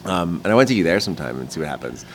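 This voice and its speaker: A man's voice: sits low, very animated, very fast, gravelly, a little hiss or hum. A man, a guest comedian, chatting on a podcast and telling rambling stories with many restarts. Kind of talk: casual podcast chat.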